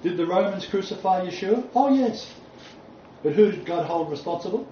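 A man preaching a sermon, reading scripture aloud and stressing key points with deliberate emphasis. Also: high-pitched, dark tone, slight background noise. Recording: distant mic, roomy echo, dull sound.

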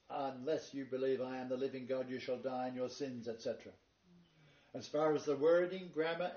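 A man's voice: medium pitch, mellow. Man preaching in an echoey hall. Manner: reads long quotations, then emphatic preaching. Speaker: Bible teacher. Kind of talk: sermon-style lecture. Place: meeting room with a live congregation. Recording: dull, echoey, far-off room recording.

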